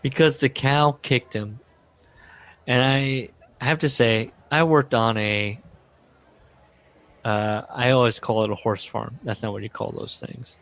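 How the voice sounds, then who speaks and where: A man's voice: mid-range voice, steady tone, measured pace, vocal fry, a bit bright. A man co-hosting a casual podcast, reading book passages aloud and rambling through joking asides. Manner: rambling, self-interrupting. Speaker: podcast co-host. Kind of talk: casual book-club chat.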